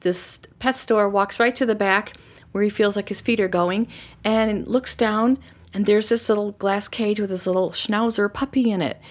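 A middle-aged woman telling a personal story in a casual, animated way, acting out what people said. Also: medium pitch, normal speed, few pauses. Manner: animated, acts out quoted voices. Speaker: storyteller guest.

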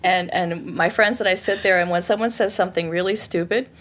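A woman coach in casual conversation, retelling a client session and acting out the quotes with lively swings of voice. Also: a little fast. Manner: animated storytelling, acts out quotes with big pitch swings.

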